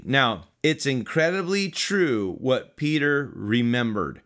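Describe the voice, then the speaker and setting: A male preacher reading a Bible passage, then teaching in an unhurried, reflective way, with fillers and pauses. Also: mid-range voice, a bit bright.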